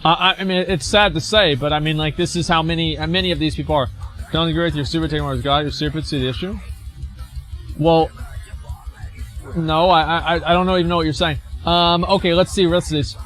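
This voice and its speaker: Male streamer, slightly high voice, blunt, mocking, swears freely while reacting to posts. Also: fairly even intonation, a little fast, fairly bright tone, soft background music. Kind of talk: reading and reacting to forum posts.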